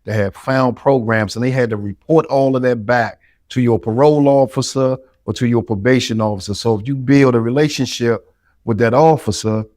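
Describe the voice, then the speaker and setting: A man's voice: medium pitch, moderate pace, darkish tone, no echo, clean studio sound. A middle-aged man, giving earnest, encouraging answers as a podcast guest.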